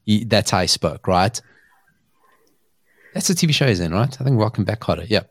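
Brief: man, podcast host, low voice, dry close sound, chatty storyteller who laughs a lot. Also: expressive, fairly quick, dry recording. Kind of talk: casual chat.

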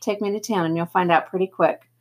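A woman's voice: lowish voice, fairly even intonation, fast, close to an everyday voice. A frightened teenage boy speaks weakly but tries to sound tough, as a woman reading aloud puts him on. His words come out shaken and unsure. It sounds like a storybook being read aloud. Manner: weak, shaken, a little tough. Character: scared, hoarse teenage boy narrator.

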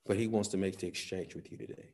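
A man preaching a sermon, swinging from soft, quiet phrases to sudden loud, emphatic peaks. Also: sits low, steady tone, fast.

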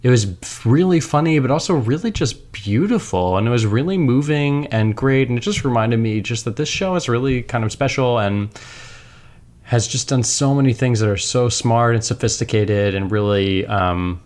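A man's voice: mid-range voice, moderate pace, a little mellow. A man co-hosting a podcast, chatting earnestly and joking often with easy laughter. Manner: earnest and upbeat, jokey, laughs easily. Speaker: podcast co-host. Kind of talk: casual chat.

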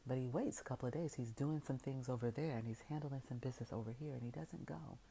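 A woman with a remarkably deep, gravelly voice delivers an inspirational faith talk. Her tone is mellow and warm, with a faint hiss behind it. She builds her message through repeated, stacked phrases. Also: quick pace, rough recording. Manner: storytelling retelling of scripture. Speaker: motivational speaker.

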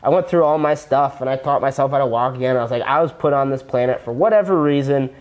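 A man's voice: mid-range voice, quick pace, darkish tone. A young man, a former personal trainer who became a copywriter, talking casually as a podcast guest, earnest and rambling with many restarts.

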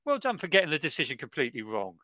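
A man's voice: on the high side, wildly swooping pitch, very fast, pushed and bright, no echo, studio quality, full character voice. A man doing a mocking impression of a bumbling, cheery male video referee.

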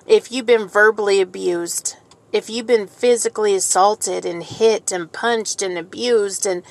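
A woman's voice: mid-range voice, steady tone, measured pace. A woman giving an informal, heartfelt sermon in an earnest, emotional way, repeating key phrases for emphasis. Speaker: Christian speaker giving a devotional message.

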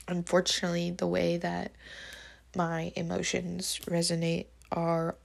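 Woman teacher, diary-style vlog; lowish pitch, lots of fry; rambling, emotional, open. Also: monotone, measured pace. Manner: rambling, full of fillers; emotional, confessional. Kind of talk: personal diary talk.

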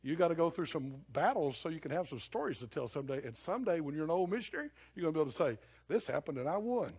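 A middle-aged man preaching a sermon, impassioned, swinging between loud declarations and low, hushed asides. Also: sing-song, rapid-fire, husky. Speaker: pastor.

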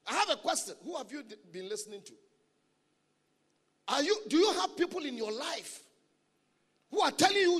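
A man preaching a sermon as a guest speaker at a church gathering. He is animated and humorous, and he repeats his key phrases for emphasis. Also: extremely high pitch, brisk, pauses often. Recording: long reverb of a large hall.

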